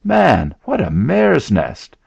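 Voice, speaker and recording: A man voicing a blustering, sneering landowner in a storybook reading, taunting loudly. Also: low voice, lively intonation, measured pace, no echo, full character voice. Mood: mocking. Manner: mocking, shouting taunts. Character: blustering sneering middle-aged male landowner. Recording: dull lo-fi recording.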